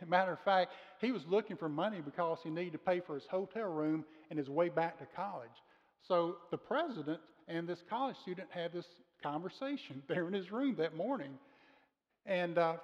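A man preaching a sermon as pastor, speaking earnestly and slowing down to stress key words. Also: fairly high pitch. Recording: muffled sound with long reverb of a large room.

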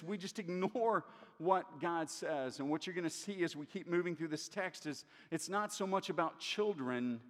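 A middle-aged man preaching a sermon as pastor, earnest and conversational, often restarting his phrases. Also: fairly high pitch. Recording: long hall reverb.

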